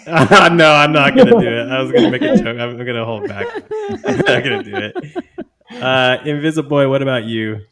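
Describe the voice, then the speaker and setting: A man's voice: medium pitch, expressive, normal speed, a crowd in the background. A man in casual podcast chat, joking and laughing. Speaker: podcast co-host.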